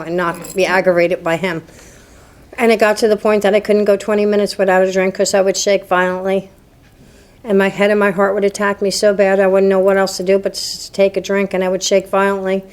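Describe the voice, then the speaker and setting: Flat-voiced woman telling her story. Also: medium pitch, smooth. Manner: candid, self-deprecating, laughs at her own past. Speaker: recovery meeting speaker. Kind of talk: personal testimony talk. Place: meeting hall before a live group.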